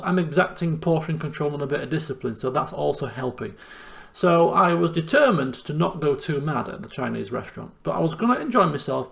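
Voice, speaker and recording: A chatty young man talks through his week in a casual diary vlog, lively and self-deprecating. His voice sits a touch high and carries a gravelly edge. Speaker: vlogger.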